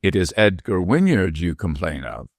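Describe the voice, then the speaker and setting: A man voicing a tiny, shrewd and mischievous old woman dwarf with a shrill, teasing manner in a storybook reading. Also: big pitch swings, moderate pace, creaky, no room sound, clean studio sound, exaggerated voice. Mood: teasing, sharp. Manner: sharp, teasing, whimsical.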